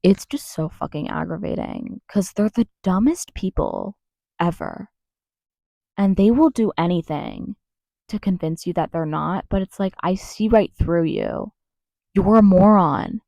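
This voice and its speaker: A woman's voice: fairly low pitch, big pitch swings, unhurried, gravelly, dark tone, dry recording. A woman ranting to camera in a heated, sarcastic way, swearing often. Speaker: vlogger. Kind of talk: profane political rant to camera.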